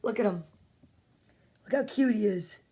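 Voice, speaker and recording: A woman's voice: medium pitch, measured pace, dark tone, breathy edge. A woman reading children's storybooks live from home, playful and chatty, greeting her viewers by name between pages. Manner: playful, exclaims over the pictures.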